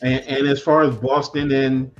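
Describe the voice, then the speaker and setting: A man's voice: medium pitch, level tone, normal speed, music in the background. Teasing man on dull lo-fi audio. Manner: teasing, questioning. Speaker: co-host. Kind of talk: casual sports debate.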